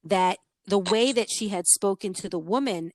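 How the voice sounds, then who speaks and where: A woman's voice: mid-range voice, moderate pace, dry recording. A middle-aged woman hosting a podcast, telling stories in casual chat and acting out the voices she quotes. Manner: animated storyteller, acts out quoted voices. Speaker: podcast host.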